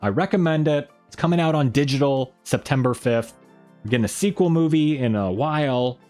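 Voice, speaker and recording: A man hosting a casual live stream at a middle pitch. He rambles freely and reads out viewer comments as they come in. Faint music plays underneath. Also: brisk, a little mellow.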